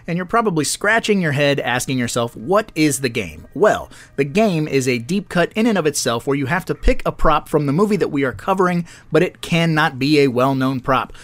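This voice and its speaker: A man's voice: on the high side, very animated, moderate pace, few pauses, no room sound. A man co-hosting a film podcast in casual chat, swearing freely and laughing often. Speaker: podcast co-host.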